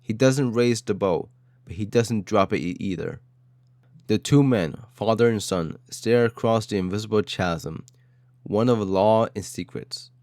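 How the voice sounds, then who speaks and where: Male story narrator, dramatic and clipped; low-pitched, dry sound. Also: a little slow, darkish tone, no echo.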